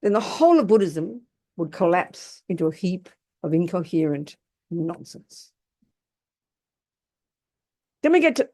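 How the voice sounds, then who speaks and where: Speaking to an audience, a woman with a darkish, medium-pitched voice teaches Buddhism in a Dharma talk. Her style is colloquial, blunt, and emphatic.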